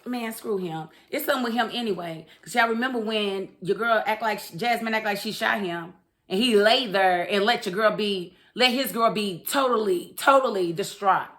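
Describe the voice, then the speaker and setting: A woman's voice: medium pitch, normal speed, fairly bright tone. A woman giving a sassy, chatty review of a TV episode, often laughing and speaking directly to her viewers. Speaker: TV show reviewer. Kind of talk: casual review commentary.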